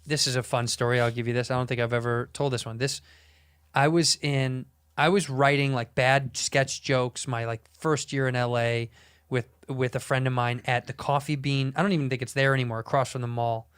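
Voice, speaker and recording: A man's voice: mid-range voice, moderate pace, smooth, no room sound. A male comedian on a podcast telling a profane story in a casual way and acting out the people in it. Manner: animated, profane, acts out the people in his stories.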